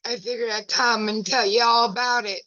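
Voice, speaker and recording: A woman's voice: a little high, fairly even intonation, brisk, sharp tone, dry recording. A folksy, self-mocking woman, chatting casually as the host of a home video, her eyes burning from pepper. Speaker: wellness ministry host. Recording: dull lo-fi dry sound.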